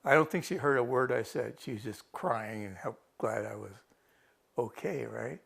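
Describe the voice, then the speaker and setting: A man's voice: mid-range voice, moderate pace, vocal fry, a bit bright, husky. A man who was rescued after getting lost on a hike tells the story to a TV reporter in a rambling, casual way. He often restarts his sentences and quotes his own thoughts. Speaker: rescued hiker interviewed by a TV reporter. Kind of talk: casual first-person account.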